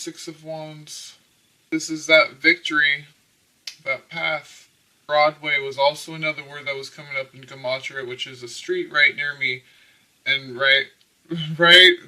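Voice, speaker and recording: Bright-voiced man rambling through a tarot reading. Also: a little high, distant mic, poor audio. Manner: rambling, peppered with "okay?" and laughs. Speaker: tarot reader. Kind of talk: casual spiritual tarot reading.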